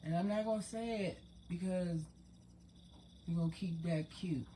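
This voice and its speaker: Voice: medium pitch, normal speed, long pauses, warm tone, a little hiss or hum. A person in their forties, hosting their own channel, talking to viewers in a casual, profane, rambling spiritual monologue. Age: 40s. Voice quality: profane, rambling, streetwise talk.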